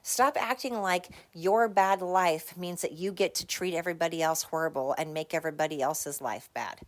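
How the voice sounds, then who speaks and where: A woman's voice: on the low side, normal speed. A woman hosting her own podcast, delivering a heated, blunt, profane solo rant with emphatic repetition. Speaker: podcast host.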